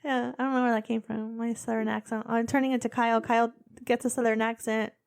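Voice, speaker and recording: A young woman co-hosting a podcast, chatting casually and then telling a true crime story, expressive with quick asides. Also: a little high, creaky, clear, resonant tone. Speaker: podcast co-host.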